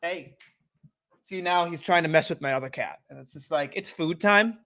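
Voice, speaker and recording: A man's voice: a little high, moderate pace, bright, forceful tone. A young man rambling easily as a streamer and host in casual live-stream chat from home. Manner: easygoing, rambling, chatty. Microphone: desk microphone.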